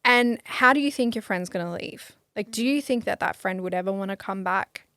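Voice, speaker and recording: A woman's voice: medium pitch, brisk, smooth, dry recording. A woman hosting a podcast, talking casually and acting out little scenes as she explains. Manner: animated storyteller, acts out dialogue. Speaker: podcast host.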